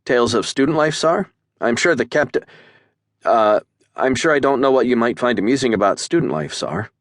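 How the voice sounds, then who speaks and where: A man's voice: mid-range voice, expressive, moderate pace, no echo, studio quality, voice pushed up, natural voice. A man voicing a young male cadet who is stiffly formal and nervous, speaking in clipped military phrases.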